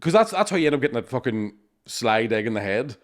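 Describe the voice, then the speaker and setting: An Irish man telling a rowdy pub story in relaxed conversation. He swears freely, keeps asking "right?" and throws himself into the voices of the people he quotes, with a lively, bouncing pitch. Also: quick pace. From Ireland. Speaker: podcast co-host telling a story. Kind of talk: casual storytelling chat.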